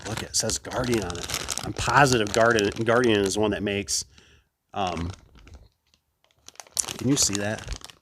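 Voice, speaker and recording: A man's voice: lowish voice, fairly bright tone, a little hiss or hum. A man who installs garage doors, chatting casually to viewers while unboxing an opener, enthusiastic and prone to rambling asides.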